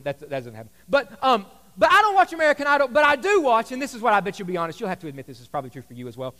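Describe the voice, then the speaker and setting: A male pastor preaching a sermon in a church, talking to the congregation in a conversational, joking storytelling way. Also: high voice. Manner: conversational, humorous, animated storytelling. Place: church sanctuary. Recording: long hall reverb from a church.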